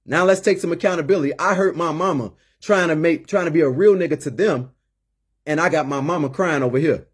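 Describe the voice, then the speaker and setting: A man in his late thirties speaks with a husky, slightly raised voice. He talks in an emphatic, preachy way and stacks up repeated words as he builds each point, like a mentor pleading with his listeners. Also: on the high side, a little fast. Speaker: former inmate turned community mentor. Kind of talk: impassioned personal monologue.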